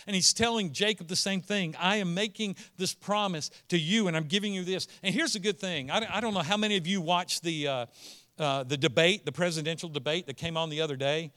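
Bright, clear-voiced male pastor preaching. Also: sits high, fairly quick. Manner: earnest preaching, rising to emphatic declarations. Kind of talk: sermon.

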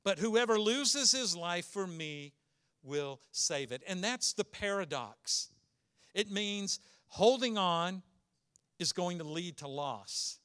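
A pastor delivering a sermon in a fairly high voice. His tone is bright and forceful. He speaks earnestly and with emphasis, putting question after question to his listeners and drawing out key words. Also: animated, smooth. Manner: earnest, emphatic preaching with many rhetorical questions; slows down to stress key words.

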